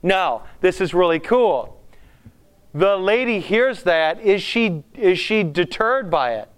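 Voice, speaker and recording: A man preaching a conversational sermon as a pastor, often putting questions to the congregation in an animated way. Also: sits high, slow, smooth.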